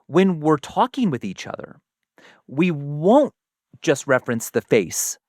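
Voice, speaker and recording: A man's voice: on the high side, very animated, measured pace, no echo, clean studio sound. A man co-hosting a casual science chat, talking through ideas and acting out little quoted exchanges. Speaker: co-host.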